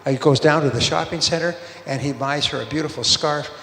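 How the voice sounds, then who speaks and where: A man's voice: on the high side, brisk, pushed and bright, a little hiss or hum. A man giving a motivational sales seminar talk, telling stories and acting out bits of dialogue in quoted voices. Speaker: sales speaker. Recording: roomy hall reverb, faint ambience.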